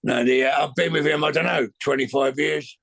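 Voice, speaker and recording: Rough-voiced guest in his middle years, dry and close, rambling, sweary storyteller. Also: on the high side, steady tone, a little fast, a bit bright, no room sound. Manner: rambling, restarts often, swears casually. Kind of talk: casual storytelling chat.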